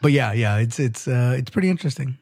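Male podcast co-host, husky voice, dry close sound, playful and quick to laugh. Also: medium pitch, animated, darkish tone, dry recording. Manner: laughs often, playful banter. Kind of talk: casual relationship chat.

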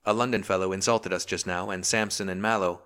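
A man playing a proud, commanding young gentlewoman. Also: low voice, fairly even intonation, brisk, clear, resonant tone.

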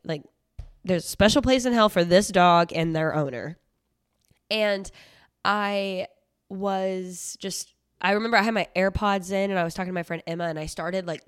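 A woman's voice: on the low side, dry recording, clean studio sound. Chatty swearing young woman podcaster. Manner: chatty storytelling with heavy swearing and frequent fillers. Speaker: podcast host. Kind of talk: casual solo podcast chat.

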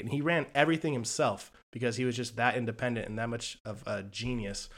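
A man co-hosting a podcast retells a film in a casual chat, animatedly acting out the quoted lines as part of his film reviews. His pitch is medium, and he talks fairly quickly with few pauses.

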